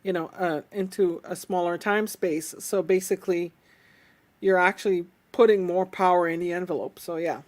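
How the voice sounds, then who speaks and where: A woman's voice: lowish voice, steady tone, normal speed. A woman with an alto voice, hosting a casual chat and explaining things in a chatty way. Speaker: host.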